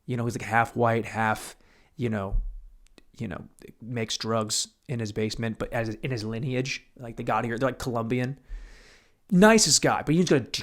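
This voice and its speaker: A young man hosting a solo podcast, telling rambling, profane stories and breaking into sudden loud outbursts. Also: medium pitch, moderate pace. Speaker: podcast host.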